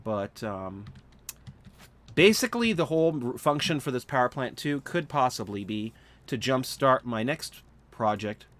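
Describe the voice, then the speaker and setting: Tired guy yawning thru a game stream, mid-pitched voice, rambly, lots of ums and restarts. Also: animated, a little slow, fairly bright tone. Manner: rambling, thinking aloud with many fillers and restarts. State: sleepy, yawning repeatedly. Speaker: gaming livestreamer. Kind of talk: casual live gameplay commentary.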